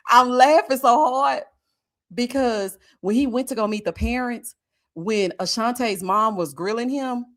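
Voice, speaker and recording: A woman hosting a casual live stream, chatting with viewers and reading their comments, often breaking into laughter and drawn-out murmurs of agreement. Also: on the high side. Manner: chatty, talks straight to viewers.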